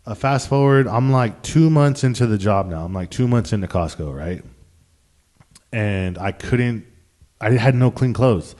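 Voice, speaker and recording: Rambling young man with a lowish voice. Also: animated, a little slow, darkish tone. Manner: profane, slangy and rambling, with frequent restarts. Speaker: vlogger. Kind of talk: casual storytelling to the camera.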